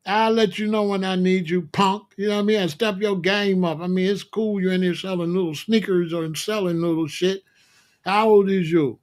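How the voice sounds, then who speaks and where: Hosting his own show, a man with a strikingly high voice delivers a comic rant. He lectures in loud, slangy street talk, mocking and cursing without restraint, while his tone stays steady and his speed normal.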